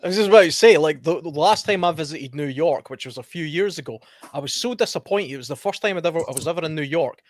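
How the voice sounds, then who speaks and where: A man's voice: on the high side, animated, quick pace. A man with a slightly raised voice, talking on a podcast in a chatty, anecdotal way. He restarts sentences with repeated words. The sound is close and dry, with no room echo. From United Kingdom. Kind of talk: casual podcast chat.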